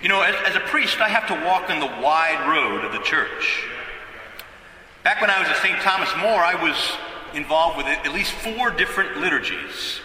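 A priest preaching a sermon in a bright, ringing voice pitched a little high, speaking casually and often restarting his sentences. He sounds distant from the microphone, with the long echo of a church hall around him. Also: animated, moderate pace. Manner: conversational preaching with repeated restarts.

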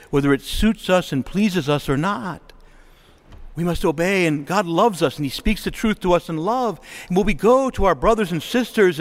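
A middle-aged man preaching a sermon, impassioned and rising to emphatic exhortation. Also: a little high.

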